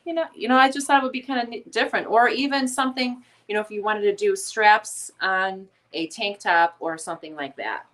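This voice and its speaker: A livestream host from around Chicago talks fairly quickly with hardly any pauses, her medium-pitched voice a bit bright and her accent nasal. Casual and chatty, she reads comments aloud and says um a lot.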